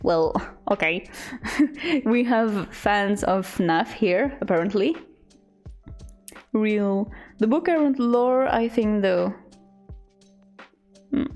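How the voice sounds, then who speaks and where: A young woman streamer in casual chat, reading out chat messages in a halting, giggly way. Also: mid-range voice, expressive, a little mellow, soft background music.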